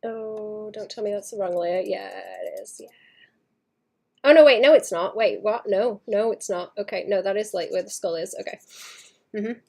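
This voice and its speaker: A woman livestreaming her painting, chatting casually and thinking aloud in soft mutters that trail into whispers, second-guessing her work. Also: mid-range voice, normal speed, creaky. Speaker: artist streaming her painting.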